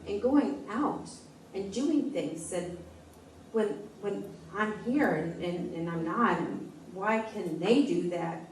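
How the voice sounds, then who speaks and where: A woman in her forties giving a personal testimony at a church meeting, speaking in a halting, heartfelt way with frequent restarts. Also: mid-range voice, slight background noise. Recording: echoey room, voice from a distance.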